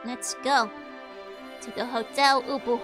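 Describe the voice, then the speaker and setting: A woman's voice: fairly high pitch, steady tone, a little slow, over music. Giggly, chatty woman streamer. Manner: giggly and chatty, with frequent laughs. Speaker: VTuber streamer. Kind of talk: casual let's-play commentary.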